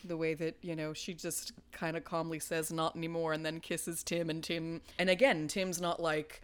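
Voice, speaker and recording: A woman's voice: lowish voice, moderate pace, hardly any pauses. A young woman co-hosting a podcast, chatting casually and animatedly, swearing freely. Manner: animated, swears freely, acts out lines in quotes. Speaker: podcast co-host. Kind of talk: casual chat.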